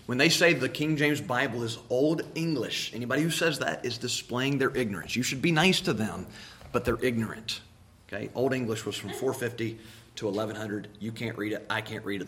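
A man's voice: medium pitch, sharp tone. A man preaching a sermon, emphatic, repeating key words and asking rhetorical questions.

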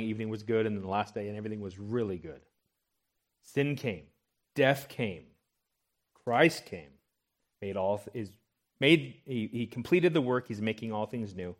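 A man preaching a sermon, reading scripture aloud and often checking in with the congregation. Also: on the low side. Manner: expository preaching, checks in with "right?"; reads scripture aloud with rising emphasis. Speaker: pastor.

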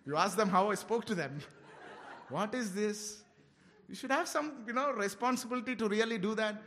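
A man preaching an expository sermon, earnestly shifting between quiet reflection and loud exhortation. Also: high voice, normal speed, in a large hall. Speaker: pastor.

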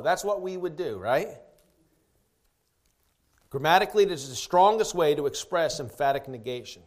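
A man preaching an expository sermon, asking rhetorical questions and slowing down to stress key phrases. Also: on the high side. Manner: emphatic, slows down to stress key words.

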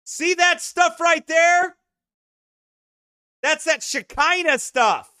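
High-voiced, scornful man preacher. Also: slow pace, no echo, clean studio sound. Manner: emphatic, scornful, bursts into shouts. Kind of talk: sermon-style commentary.

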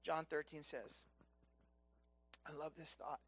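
A man preaching a sermon, impassioned and conversational, swinging between loud emphatic peaks and soft hushed lows. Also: fairly even intonation, slow pace, slightly rough. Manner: conversational, casual asides.

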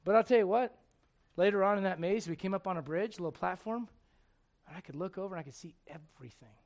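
A pastor with a strikingly high voice who preaches in a conversational, joking way. He swings between hushed, intimate lines and loud, emphatic ones. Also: fast talker. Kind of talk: storytelling sermon.

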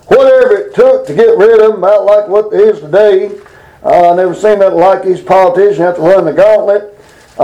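A man preaches from the Bible in a plain, folksy way. His voice sits high, and he stumbles through fillers and restarts. When he reads scripture, his pace slows and grows deliberate. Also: a little mellow, low-quality recording. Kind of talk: homespun Bible teaching.

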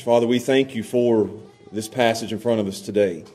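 A man pastor with an Appalachian Southern accent preaching a sermon in a church, moving from a somber prayer to loud, fervent preaching. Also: medium pitch, brisk. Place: church sanctuary.

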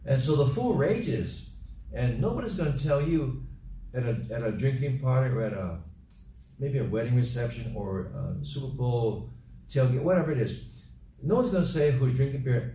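A man's voice: mid-range voice, lively intonation, moderate pace, warm tone, distant mic, slight background noise. A man preaching a sermon, repeating his points and acting out bits of party chatter. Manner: repetitive, emphatic exhortation with acted-out party chatter. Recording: roomy echo from off mic with faint ambience.

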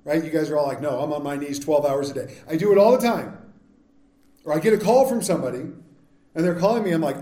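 A man's voice: a little high, animated, quick pace, warm tone. A man preaching a sermon as pastor, candid and self-deprecating in a conversational way. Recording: echoey church sanctuary.

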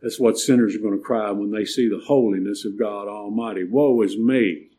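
An older man preaching a sermon, emphatic and building to loud, stressed points. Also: fairly low pitch, fairly even intonation, fairly quick. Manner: emphatic preaching, swelling louder on key points.

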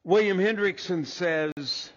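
A man preaching a sermon as pastor, deliberate and restarting his first words. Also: high-pitched, a bit bright. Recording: dull lo-fi echoey hall.

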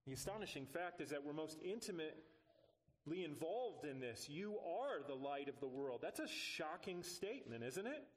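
A man delivers a sermon as a pastor, his voice sitting a little higher than most men's. He talks earnestly and with a light, self-deprecating humor. He rises with emphasis on the lines that matter most. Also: very animated, normal speed.

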